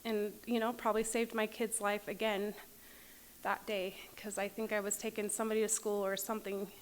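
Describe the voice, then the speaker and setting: A woman's voice: medium pitch, a bit bright. A woman telling her recovery story at a meeting, candid and often laughing as she acts out her past self. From Utah. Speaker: AA meeting speaker. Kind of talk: personal recovery talk. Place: meeting room.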